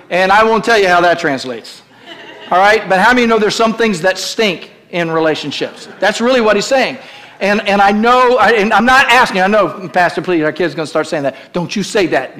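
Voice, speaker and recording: High-pitched, bright-voiced male pastor preaching. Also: a little fast. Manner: emphatic preaching with call-and-response prompts. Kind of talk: sermon. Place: church.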